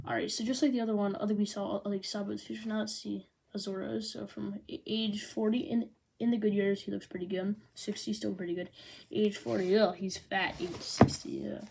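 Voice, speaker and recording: A woman recapping a manga volume in casual chat, sarcastic and quick to throw in little impressions of the characters. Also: mid-range voice, gravelly, noisy background. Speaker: manga reviewer.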